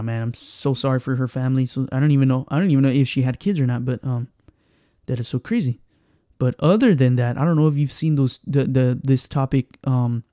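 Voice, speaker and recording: A man with a Mexican accent, hosting a podcast in casual chat and telling stories with lively acted-out quotes and Spanish phrases. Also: mid-range voice, dry recording, clean studio sound. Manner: animated storyteller who acts out quotes and slips into Spanish phrases. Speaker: podcast host.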